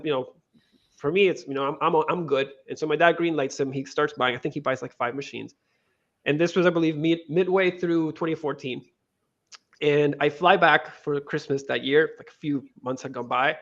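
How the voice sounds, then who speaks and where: Speaking at a moderate pace, a slightly high-voiced man from Venezuela, who co-founded a crypto lending company, recounts a story as a guest in an upbeat interview. His casual delivery features frequent restarts and quoted dialogue over dull, lo-fi audio.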